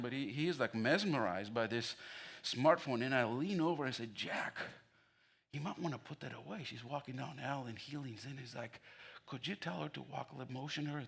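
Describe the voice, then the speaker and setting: Bright-voiced male pastor preaching. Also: medium pitch. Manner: storytelling with humor, rising to excited emphasis. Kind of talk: sermon. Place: church sanctuary.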